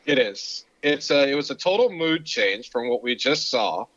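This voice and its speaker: Talking through a film with his podcast partner, a man keeps things casual but often starts his sentences over. He has a medium pitch, lively intonation, a moderate pace and a somewhat bright tone, on a recording with slightly dull lo-fi quality.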